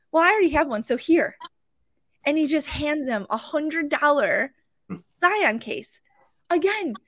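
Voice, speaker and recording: A woman's voice: high-pitched, no echo. Chatty woman host with a dry, close sound. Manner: animated, emotional, with many fillers and restarts. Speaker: podcast host and card show vendor. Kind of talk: casual storytelling.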